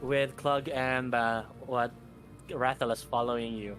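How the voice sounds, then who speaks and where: A man's voice: mid-range voice, steady tone, a little slow, fairly bright tone. A man running a tabletop game as game master, describing scenes in a hesitant way full of fillers and restarts. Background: background music.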